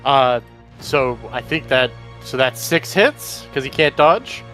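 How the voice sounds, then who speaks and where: A man playing a tabletop role-playing game, describing his character's actions excitably and swearing freely. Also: mid-range voice, slow pace, music in the background. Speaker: player.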